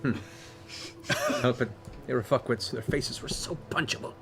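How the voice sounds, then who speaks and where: A man's voice: medium pitch, moderate pace, gravelly, over music, lightly acted. A man voicing a bitter, sardonic young woman bard in a tabletop role-play, talking dry and cutting.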